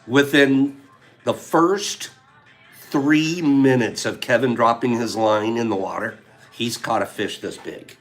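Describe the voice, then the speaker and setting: An older man hosting a casual talk, telling a fishing story in an animated way, acting out his friends' lines and chuckling as he goes. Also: mid-range voice, takes it slowly, soft background music. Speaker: host.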